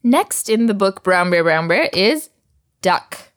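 A woman's voice: medium pitch, sing-song, slow. Patient woman teaching vocabulary. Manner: patient, encouraging, laughs often. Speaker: language teacher.

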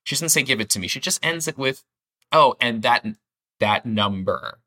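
A man's voice: mid-range voice, animated, moderate pace, sharp tone. A man co-hosting a language lesson, explaining phrases enthusiastically in a casual teaching chat, thinking aloud with restarts.

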